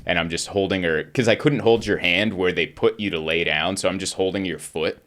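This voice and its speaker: A man with a low speaking voice tells a funny story on a podcast in easy, casual chat. He shifts into the voices of the people he quotes as he goes. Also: a little fast. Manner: animated storyteller, acts out quotes with jumps in pitch. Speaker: podcast host and comedian.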